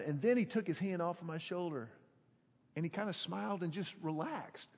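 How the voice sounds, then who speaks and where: A middle-aged man, preaching a sermon as a pastor, telling a story emphatically and stretching key words slowly for drama. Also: a little high, expressive, darkish tone, breathy edge. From Houston, Texas. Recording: echoey hall, dull sound.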